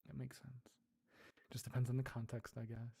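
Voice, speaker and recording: A man's voice: medium pitch, little pitch movement, moderate pace, vocal fry, mellow, breathy edge. A man casually chatting on a livestream, reading chat, laughing often and repeating words as he tries out pronunciations. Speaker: streamer reading live chat.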